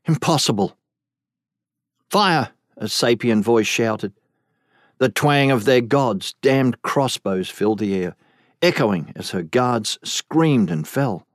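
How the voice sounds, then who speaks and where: A male narrator reads a fantasy audiobook in a measured, deliberate way. His pace is slow and unhurried, with a mid-range voice. The recording is close and dry. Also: mid-range voice, no echo. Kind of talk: scripted narration.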